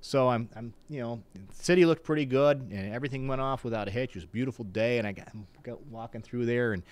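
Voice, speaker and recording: A man's voice: medium pitch, quick pace, clear, resonant tone. A middle-aged man, a former mayor visiting a radio show, telling casual stories in a studio. He acts out the people in his stories, laughs often and swears now and then. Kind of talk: casual anecdotal storytelling.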